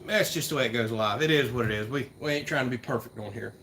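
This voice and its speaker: A man hosting a casual livestream Q&A, chatty and rambling and quick to laugh, recorded on a phone camera. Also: mid-range voice, a bit bright, a little hiss or hum. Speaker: livestream host.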